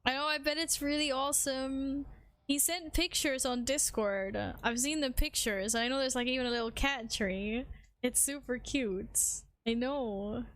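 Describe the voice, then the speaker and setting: A woman's voice: high voice, a bit bright, no room sound. A woman streaming a game, chatting casually with her viewers and her cat and humming little tunes in between. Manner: talks to chat and her cat, quick self-deprecating asides. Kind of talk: casual live-stream chat while gaming.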